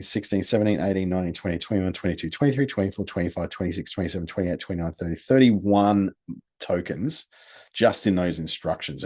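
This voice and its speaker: A man's voice: on the low side, mellow. A man casually talking through a screen-share tutorial, explaining step by step and counting items aloud. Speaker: presenter.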